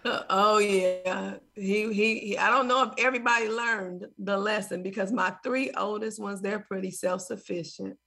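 A woman in her forties tells lively family stories and acts out phone calls with laughter. Her voice has a gravelly, husky edge. The tone is bright and sharp. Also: medium pitch, moderate pace, few pauses. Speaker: interview guest, mother. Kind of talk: interview.

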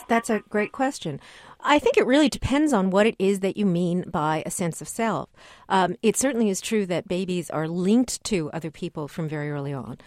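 A middle-aged woman, a guest researcher on a radio call-in show, explaining with lively emphasis. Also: medium pitch, no echo, studio quality. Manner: animated explainer, acts out voices in quotes. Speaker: guest researcher on child development.

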